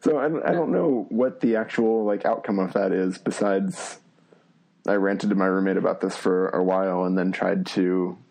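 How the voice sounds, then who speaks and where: A man's voice: low voice, steady tone, moderate pace, gravelly, darkish tone, poor audio. A man in casual chat, self-deprecating and rambling.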